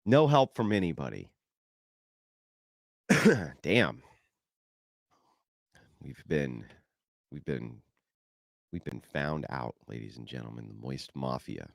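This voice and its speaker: A male streamer with a low, gravelly voice that swings widely in pitch as he mocks and swears. His sarcastic commentary sounds dry and close, with no room echo. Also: very animated, slow pace, pauses often. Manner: mocking, profane and sarcastic. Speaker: streamer host.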